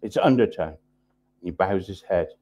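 A man preaching a sermon in a church, driving points home through repetition and often dropping his voice low and quiet for emphasis. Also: animated, normal speed, slightly rough. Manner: emphatic repetition, drops low and soft for weight.

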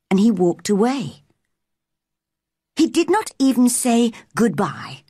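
Brief: woman storyteller, husky tone, lively pitch, unhurried, dry close recording. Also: no echo. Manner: clear, careful storytelling. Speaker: narrator. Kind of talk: slow storybook reading for English learners.

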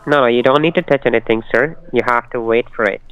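A man's voice: medium pitch, fast talker, a bit bright, clear, resonant tone. A man on a scam call, giving insistent, repetitive instructions. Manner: insistent, repetitive, formulaic phrasing. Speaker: scam caller. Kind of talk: phone call. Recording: muffled dry phone line.

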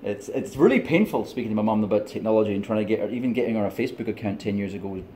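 Middle-aged Scottish man, low and mellow, chatty digressive vlogger. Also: expressive, very fast, a little hiss or hum. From Scotland. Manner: digressive, laughs often, tipsy and chatty. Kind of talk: rambling opinion monologue.

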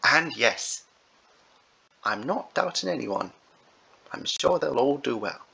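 Gravelly man with lively, rambling delivery. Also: medium pitch, takes it slowly, low-quality recording. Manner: rambling, repeats himself. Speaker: fan redub organizer. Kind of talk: casual announcement.

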